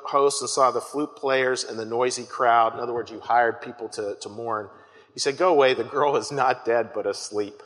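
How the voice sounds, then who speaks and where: A man's voice: medium pitch, fairly bright tone. A man preaching a conversational sermon, earnest and full of restarts, calling his listeners folks. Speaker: pastor. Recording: long hall reverb.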